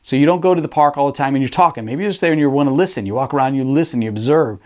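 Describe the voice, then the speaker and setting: Man, motivational speaker, energetic, direct coaching, mid-pitched voice. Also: very fast. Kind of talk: motivational talk. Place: live virtual event.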